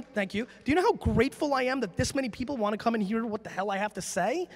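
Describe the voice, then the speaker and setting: A man's voice: very high voice, expressive, fairly quick, breathy edge. A man giving a live conference talk and answering audience questions, brash, emphatic and full of profanity. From United States. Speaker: conference speaker. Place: large conference hall. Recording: long reverb from a conference hall.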